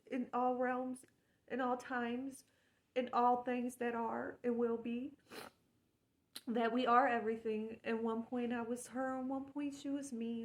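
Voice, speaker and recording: Earnest, emotional woman with a high voice. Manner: earnest, spiritual, emotional with repetitions. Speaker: vlogger. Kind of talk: heartfelt personal monologue.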